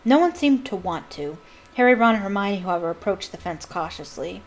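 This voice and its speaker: A woman's voice: medium pitch, lively intonation, a little fast, poor audio. A woman who reads a novel aloud as a fan, with enthusiastic, chatty asides. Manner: enthusiastic, laughs at her own asides.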